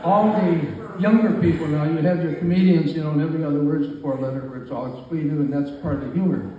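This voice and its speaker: A man's voice: on the high side, fairly even intonation, quick pace, dull audio, crowd noise. Very old man joking through an echoey party speech. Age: 90s. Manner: joking, rambling, self-deprecating. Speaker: birthday speaker. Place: party room with guests. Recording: far-off mic in an echoey room with faint ambient noise.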